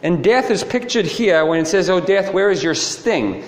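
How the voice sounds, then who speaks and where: A man's voice: high-pitched, lively intonation, normal speed, a little hiss or hum. A man preaching a sermon, telling stories with animation and asking the listeners rhetorical questions. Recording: echoey hall with faint ambience.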